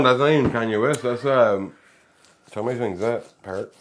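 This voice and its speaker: A man's voice: medium pitch, normal speed, noisy background. A man co-hosting a joke-reading game, chatting casually with mumbled asides and easy laughter. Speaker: co-host.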